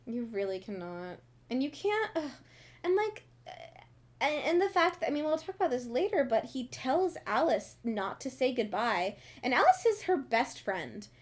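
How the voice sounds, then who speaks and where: A woman's voice: sits high, sing-song, normal speed. A young woman in a casual book chat, talking animatedly with laughs and swearing. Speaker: co-host.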